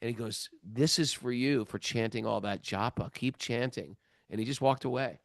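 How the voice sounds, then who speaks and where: A middle-aged man tells a story on a podcast, acting out each person's lines in a lively, playful way. His voice sits at an ordinary pitch. The sound is dry and close, with no room around it. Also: normal speed, creaky, dry recording. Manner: animated storyteller, acting out quotes, laughs often. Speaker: podcast host. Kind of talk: casual storytelling on a spiritual podcast.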